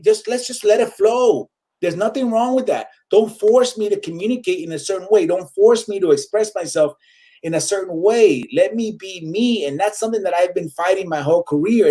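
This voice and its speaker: A man, chatting casually as a comedian guest in an interview. His voice sits a bit high, and he flips freely between Spanish and English while acting out the people he quotes. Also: darkish tone. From Puerto Rico.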